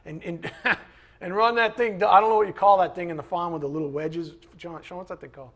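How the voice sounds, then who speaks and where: A man preaching a sermon in a conversational, animated way, with asides to the congregation. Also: sits high, a little fast. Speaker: pastor.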